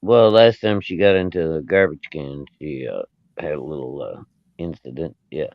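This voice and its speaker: A man telling a story in a laid-back, halting way with sighs. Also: extremely low pitch, lively intonation, no room sound. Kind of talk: casual storytelling. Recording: muffled lo-fi mic.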